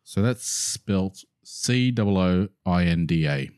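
A man co-hosting a podcast and running a word game, goofy and quick with asides. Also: sits low, lively intonation, a little mellow, smooth, no echo, studio quality. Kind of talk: casual banter.

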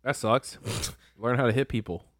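A man's voice: medium pitch, moderate pace, fairly bright tone, dry recording, studio quality. A young man chatting casually on a podcast, brash and profane, telling stories with quoted lines. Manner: brash, swearing, tells stories with acted quotes. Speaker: podcast co-host. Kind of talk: casual chat.

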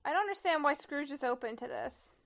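A young woman co-hosting a podcast, chatting excitedly and quickly about a movie while watching it. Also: sits high, gravelly. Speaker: podcast co-host. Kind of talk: casual movie watch-along chat.

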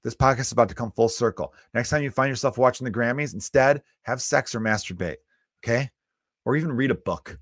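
A man's voice: mid-range voice, a little fast, a bit bright. A man in his thirties hosting a solo comedy podcast, ranting bluntly with lots of swearing. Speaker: podcast host.

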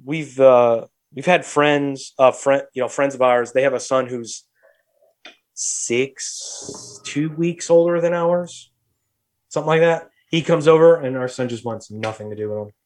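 A young adult man hosting a podcast, telling a story in a lively, profane, casual way. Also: medium pitch, a little slow. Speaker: podcast host.

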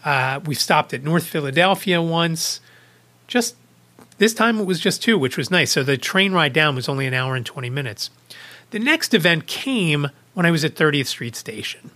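A man's voice: on the high side, animated, moderate pace, sharp tone. A man hosting a podcast, casually retelling a personal anecdote with small restarts. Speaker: podcast host. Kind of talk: casual storytelling vlog.

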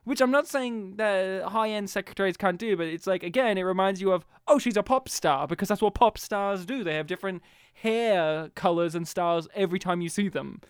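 A man co-hosting a podcast, chatting casually about a film in an animated, emphatic, jokey way. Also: high-pitched, brisk, clear, resonant tone, no room sound, clean studio sound. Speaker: podcast co-host. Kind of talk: casual chat reviewing a film.

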